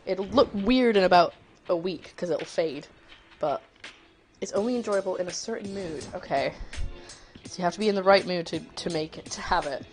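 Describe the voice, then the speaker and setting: A woman's voice: fairly low pitch, moderate pace. A woman hosting a cooking livestream, chatting casually and rambling, laughing easily as she greets her chat.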